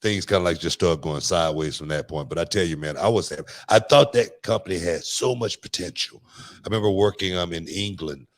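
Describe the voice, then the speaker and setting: A man with a low, deep voice hosts a laid-back chat. He tells stories in a rambling way, restarting sentences and leaning on fillers. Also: a little fast. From Houston, Texas. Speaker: podcast host. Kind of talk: casual chat.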